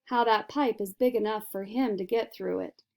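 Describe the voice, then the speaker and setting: A woman's voice: mid-range voice, moderate pace, gravelly, darkish tone, natural voice. Storybook: woman reader as a stuffy father, dry and unruffled.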